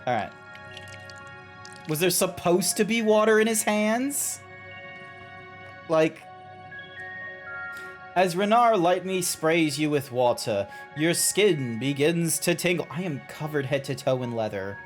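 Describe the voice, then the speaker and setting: A man's voice: a little high, expressive, takes it slowly, long pauses, faint music behind. A young Australian man chatting casually while streaming a game, rambling with restarts and frequent swearing.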